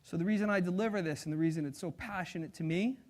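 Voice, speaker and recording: A man giving a live sales seminar to an audience, energetic and engaging, acting out personality types as he talks. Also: sits high, quick pace. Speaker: sales trainer.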